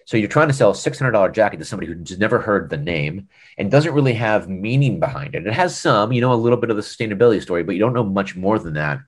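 A man with a deep, low American voice recounts a business story in easygoing interview talk. He is a lively storyteller who slips into the voices of the people in his anecdotes. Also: quick pace, breathy edge. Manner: animated storyteller, acts out quoted dialogue. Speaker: former e-commerce director, podcast guest.

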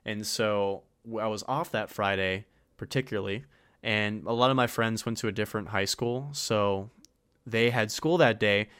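Low, smooth-voiced young man telling stories. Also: normal speed, no room sound. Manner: profane, rambling, animated when retelling. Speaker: podcast co-host. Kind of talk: casual storytelling chat.

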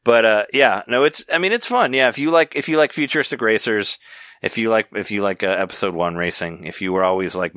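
Bright-voiced rambling man. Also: fairly low pitch, a little fast, no room sound, studio quality. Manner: rambling, restarts often, laughs easily. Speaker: podcast host. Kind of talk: casual chat.

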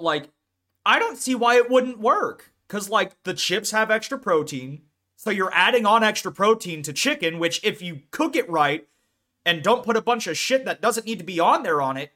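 A man's voice: high-pitched, bright, forceful tone. A young American man co-hosting a casual podcast, chatting in a laid-back, rambling way and laughing often. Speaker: podcast co-host. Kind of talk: casual chat.

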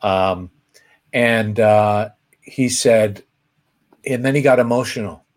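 A man co-hosting a casual chat, telling stories with lively pitch jumps and laughter. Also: slow pace. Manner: animated storyteller, pitch leaping when excited. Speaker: host.

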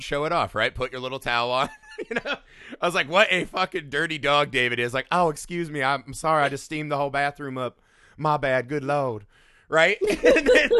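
A man in casual chat about a movie, animated, swearing freely and acting out quotes with laughs. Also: mid-range voice, clean tone, dry recording, clean studio sound. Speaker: movie podcast co-host.

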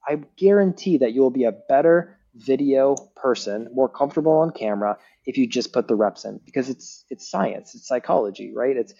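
A man with a dark, mellow voice explains how the brain works in a relaxed podcast conversation. He talks like an animated teacher, peppering his points with "like" and "right?". The audio is a bit muffled and lo-fi. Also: medium pitch, a little fast, gravelly, hardly any pauses, slightly rough. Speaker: guest neuroscientist. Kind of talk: casual explanatory podcast talk.

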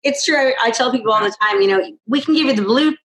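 A woman's voice: fairly high pitch, fast, fairly bright tone. Upbeat woman host in an echoey room. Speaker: interview host. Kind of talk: casual interview chat.

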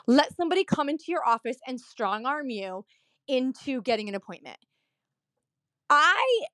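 Her voice sits high and a bit bright as this dental office worker recounts an incident to the camera, chatty and meandering, stuffed with filler words and pointed side comments. The recording is dry, and her retelling is full of outraged emphasis.

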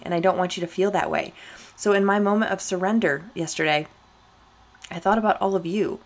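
A young woman talking on her own podcast in a loose, candid way, turning to her listeners often and leaning hard on her points. Her voice sits a little low for a woman. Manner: candid, emphatic, talks straight to listeners. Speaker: podcast host. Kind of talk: casual solo podcast talk.

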